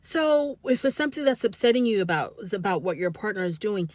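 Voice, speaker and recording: Woman reviewer, mid pitch, casual and scolding, talking straight at the show's couple. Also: fairly quick, no echo. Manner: animated, scolding, talks straight to the people on the show. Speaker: reality TV reviewer. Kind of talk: casual commentary.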